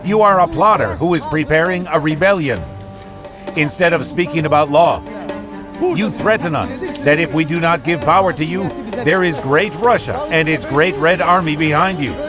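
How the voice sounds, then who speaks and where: A man's voice: a little high, moderate pace, lightly acted. A man playing a fiery parliamentary orator. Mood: accusing. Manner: forceful rhetorical questioning. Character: impassioned male parliamentary leader, defiant and accusing. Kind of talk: dubbed documentary reenactment. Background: music.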